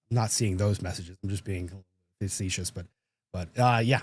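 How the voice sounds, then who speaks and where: A man's voice: fairly low pitch, moderate pace, a little mellow, breathy edge, dry recording. A man who is a lawyer, hosting a casual livestream, chatting and reading viewer comments in a joking, self-deprecating way.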